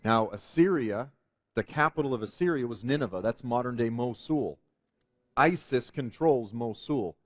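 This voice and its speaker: A man's voice: medium pitch, expressive, normal speed, no echo, lo-fi sound. A man telling a testimony story as a guest on a Christian talk show, earnest and building to emphatic preaching. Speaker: guest speaker.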